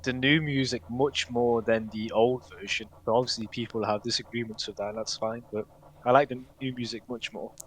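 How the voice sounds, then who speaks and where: A man's voice: medium pitch, fairly even intonation, a little fast. A man co-hosting a casual podcast chat, talking hesitantly with many fillers and restarts and laughing often. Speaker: podcast co-host.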